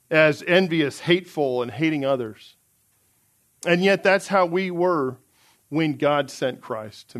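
A man's voice: a little high, a bit bright. A man preaching a sermon in an earnest, emphatic way, reading out scripture passages.

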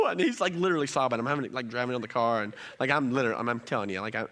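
A pastor in his thirties preaching a sermon and telling a family story, moving from quiet, low asides to loud, animated stretches. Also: rapid-fire, hardly any pauses.

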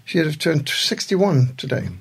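Man, 60s, studio guest. Husky, gravelly storyteller with a warm chuckle. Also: fairly high pitch, expressive, measured pace. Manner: storytelling, chuckles through anecdotes. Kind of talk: reflective studio conversation.

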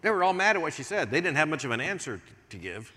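An older American man preaches with a lively, rising-and-falling delivery, dropping low and quiet, then pressing hard on his points. His bright, forceful voice rings through the long reverb of a large church hall. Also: quick pace. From United States. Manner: animated, swings from hushed to emphatic. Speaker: pastor. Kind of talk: sermon.

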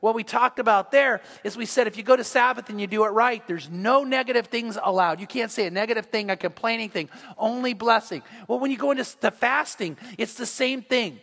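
Male pastor, bright high voice, animated sermon delivery, reverberant church. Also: fairly quick, creaky, hardly any pauses. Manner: animated, acts out quoted voices.

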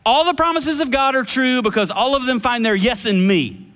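A man speaking as a calm, reassuring risen teacher, giving emphatic short declarations in a higher voice than his own. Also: moderate pace, smooth, in a large hall.

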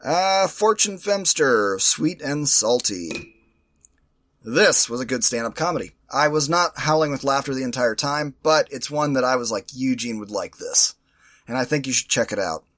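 A man's voice: medium pitch, animated, normal speed, a bit bright, no room sound. A man co-hosting a casual podcast, wry and opinionated, teasing his co-host while giving reviews. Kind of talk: casual chat.

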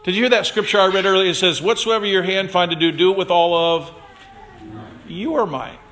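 Guy preaching, high bright voice, chatty, talks to folks in the pews by name. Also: brisk. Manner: conversational, addresses congregation members by name; acts out quoted voices with big pitch swings. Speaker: pastor. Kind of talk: sermon.

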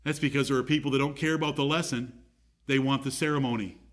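A man's voice: medium pitch, fairly even intonation, fast. A man preaching a sermon, rising emphatically on key points.

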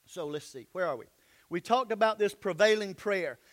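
This pastor's high-pitched, somewhat bright voice carries lively intonation at a moderate pace. He reads a scripture passage aloud during his sermon, then breaks it down in a folksy, plain-spoken manner.

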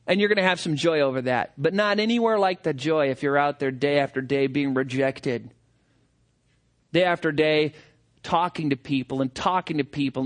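A man with a fairly high voice preaches a sermon, sounding like a preacher working through a passage for his congregation. He's animated, his delivery rising and falling as he acts out what people say.

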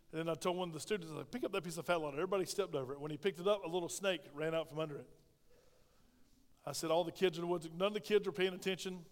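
A man's voice: high-pitched, long reverb tail. A middle-aged male pastor, preaching a folksy, emphatic sermon that calls for amens from the congregation. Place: church sanctuary.

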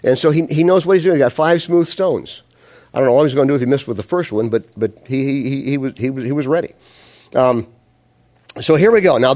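A man with a somewhat low voice delivers a sermon. He tells the story in an animated, conversational way, often acting out the lines of the people in it. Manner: animated storytelling, acts out quotes. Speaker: pastor.

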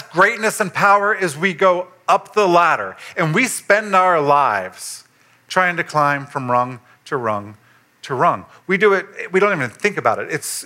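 Bright-voiced man preaching conversationally. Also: on the high side. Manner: conversational preaching, animated rises for emphasis. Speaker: pastor. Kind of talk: sermon.

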